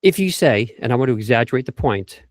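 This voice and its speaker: Middle-aged male vocal coach, lively, acts out phrases, dry studio mic. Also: mid-range voice, fast, dry recording. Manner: animated, acts out example phrases. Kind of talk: conversational podcast interview.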